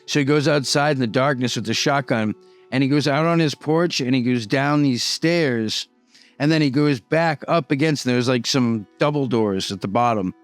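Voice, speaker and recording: Telling one of his prison stories, this Boston YouTuber wanders along casually at a normal speed, leaning on "like" and "you know." He has a smooth, clear voice of ordinary pitch. Faint music sits under a close, dry sound with no room sound.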